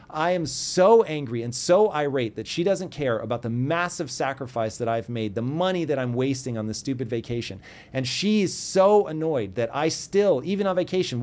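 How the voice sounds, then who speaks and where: A man's voice: medium pitch, a little mellow. A middle-aged man, a podcast guest, telling a personal story and acting out both sides of an argument. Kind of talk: casual storytelling.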